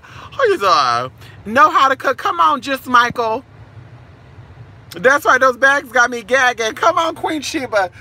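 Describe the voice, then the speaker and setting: Sassy, profane woman with a very bright voice. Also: a little high. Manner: sassy, profane, calls listeners honey and girl. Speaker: spiritual reader. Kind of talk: casual live-stream chat with viewers.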